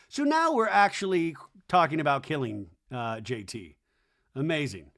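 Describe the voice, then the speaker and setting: A man hosting a podcast, recapping a reality TV episode with sarcastic, animated commentary and putting on voices for quotes. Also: on the high side, moderate pace. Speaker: podcast host. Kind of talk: comedic TV recap.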